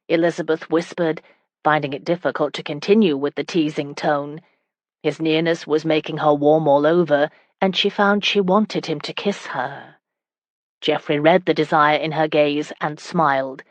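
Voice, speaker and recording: A woman reads an audiobook in a measured, even way. Her voice sits low, and the recording is dry and close. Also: no echo. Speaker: audiobook narrator. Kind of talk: scripted audiobook narration.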